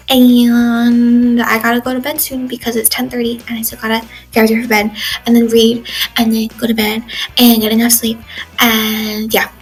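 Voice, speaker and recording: A teenage girl of sixteen, an exchange student, talks into a casual video diary in her bedroom at home, rambling with frequent "like" and "um." Her voice is husky and on the high side, and the recording is rough.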